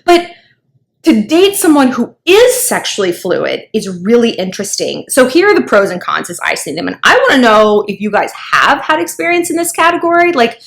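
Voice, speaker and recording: A woman's voice: a little high, very animated, normal speed, creaky. A woman hosting a dating advice vlog, chatting in a gossipy, casual way with lots of filler words. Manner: gossipy, chatty, heavy use of filler likes.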